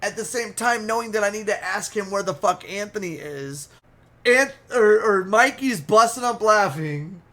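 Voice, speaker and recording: A man with a high voice tells a wild story in a casual, animated rush. He swears freely and paints vivid pictures as he talks. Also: normal speed. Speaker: storyteller, streamer.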